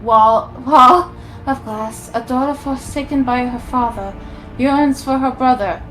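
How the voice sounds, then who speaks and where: Cassia-type solemn noble navigator with a warp eye, formal and high-voiced, unhurried, read by a woman. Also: fairly bright tone, soft background music, low-quality recording. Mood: visionary. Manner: formal, archaic, reverent reading. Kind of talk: reading game dialogue aloud.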